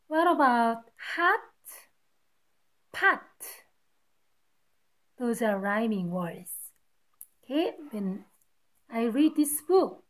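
A woman teacher reading a picture book aloud to children, patiently stopping to point out the rhyming words. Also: high voice. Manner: patient, explains each rhyme to kids.

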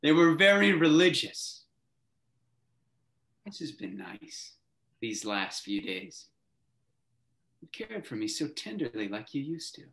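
A young actor playing a bitter, struggling young playwright who swings between hushed grief and sneering outbursts, performed over a video call. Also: male voice, fairly high pitch, big pitch swings, takes it slowly, creaky, long pauses, reverberant, heavily acted. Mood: wistful. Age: young adult. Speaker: student actor.

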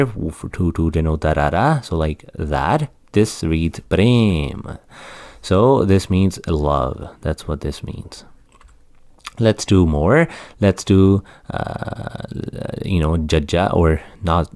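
A man's voice: deep voice, darkish tone, dry recording, studio quality. A man teaching the Punjabi script in an online lesson, explaining patiently and repeating words as he goes. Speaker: language tutor.

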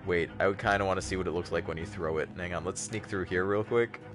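A man's voice: sits low, fast, soft background music. A young man hosting a livestream, giving casual, joking gameplay commentary, chatting with viewers and yelping when startled. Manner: animated, joking, talks to chat, yelps when startled. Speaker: livestream host.

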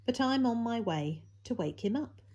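A woman voicing a calm, kind male teacher in a children's Bible story, speaking reassuringly. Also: on the high side, normal speed, pitched above the performer's own voice. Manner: calm and reassuring, rising to a commanding call. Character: calm, kind male teacher who keeps his promises.

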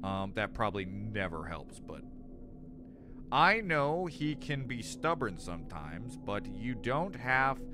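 A man's voice: fairly low pitch, very animated, takes it slowly, music in the background. A man streaming a horror game, joking and rambling, sometimes reading the game's text aloud. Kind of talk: casual game stream chat.

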